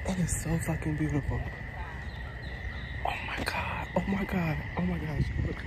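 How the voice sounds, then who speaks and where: A young man vlogging casually on a phone while walking a park trail, gushing excitedly and swearing freely. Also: on the high side, a little fast. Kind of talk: casual vlog chat. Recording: outdoor noise of bugs and frogs. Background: insects and frogs.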